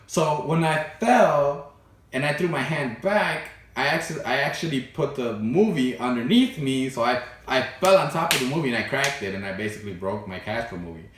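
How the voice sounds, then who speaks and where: A young man vlogging, telling childhood stories in a loose, animated way, full of fillers and laughs. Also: mid-range voice, normal speed, heavy reverb, distant mic, slight background noise. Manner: animated, laughs often, fillers like "you know" and "right". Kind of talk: casual storytelling to camera.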